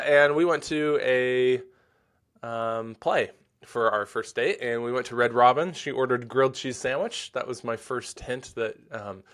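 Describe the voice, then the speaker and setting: A man in his forties, the founder of a site, chatting casually while reading out and answering viewer questions, self-deprecating and quick to laugh. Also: medium pitch, fairly bright tone. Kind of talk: casual livestream Q&A.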